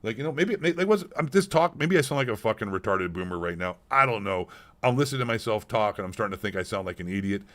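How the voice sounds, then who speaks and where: A man's voice: lowish voice, lively intonation, fast talker, a bit bright. A middle-aged man streaming a heated, blunt monologue, swearing constantly and repeating himself. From Canada. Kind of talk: casual profane ranting monologue.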